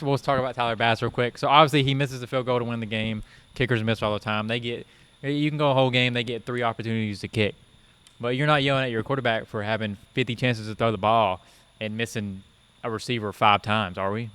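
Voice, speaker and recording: A man with a bright, crisp voice talks on a casual sports podcast. He weighs each point calmly and often starts with "I feel like". He sounds steady and thoughtful. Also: mid-range voice. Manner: measured, reasoned, lots of um and I feel like. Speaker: podcast co-host.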